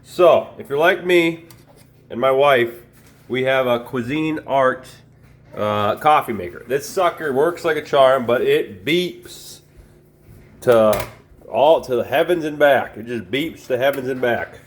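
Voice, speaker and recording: A man's voice: mid-range voice, animated, measured pace. Folksy man giving a casual DIY tutorial. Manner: folksy, self-deprecating, chatty. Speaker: DIY video host.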